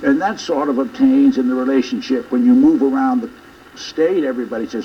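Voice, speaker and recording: Older former governor telling stories. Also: male voice, medium pitch, brisk, slight background noise. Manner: storytelling, reflective. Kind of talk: interview about his memoir. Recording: dull, slightly distant broadcast audio.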